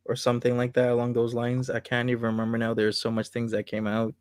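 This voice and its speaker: A man's voice: medium pitch, completely flat delivery, fast, clean tone, no room sound, clean studio sound. A man hosting a live online commentary show, asking his guests loose, easygoing questions in casual chat.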